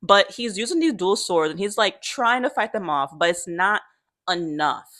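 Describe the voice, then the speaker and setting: A woman's voice: medium pitch, expressive, normal speed, a bit bright. A young woman vlogger chatting casually, slangy, swearing freely and laughing often. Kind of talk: casual chat.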